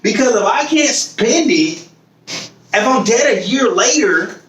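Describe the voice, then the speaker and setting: A man's voice: extremely high pitch, lively intonation, takes it slowly, fairly bright tone, roomy sound, far from the mic, low-quality recording. A man hosting a podcast in casual chat, swearing freely, acting out other people's voices and laughing often. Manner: swears freely, repeats phrases while building a point. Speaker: podcast host.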